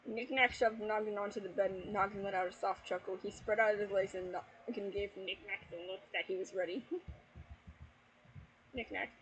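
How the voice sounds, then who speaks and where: At home at night while family sleeps, a YouTuber reads a fanfiction aloud, breaking off into exasperated, heavily sworn commentary and laughter. The voice is mid-range and a bit bright, with fairly even intonation and normal speed. The recording is rough, with slight background noise.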